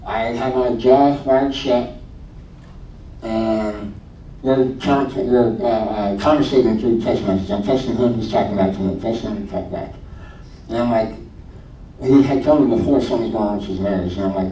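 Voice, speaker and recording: A man's voice: normal speed, warm tone. A man in his late twenties casually telling a personal faith testimony, retelling conversations in a chatty way with lots of "I'm like". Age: late 20s. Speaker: speaker sharing a testimony. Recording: echoey room, distant mic, faint low rumble.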